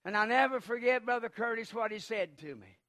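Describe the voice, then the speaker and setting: A man preaching a sermon, impassioned and swelling into shouts. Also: very high-pitched, a little fast.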